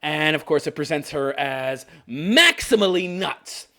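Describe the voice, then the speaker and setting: A man's voice: fairly high pitch, expressive, measured pace, pushed and bright. A man ranting sarcastically in casual commentary, laughing often and swearing as he mocks what he describes. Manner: sarcastic, laughing, profane, mocking quoted characters. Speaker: commentary host.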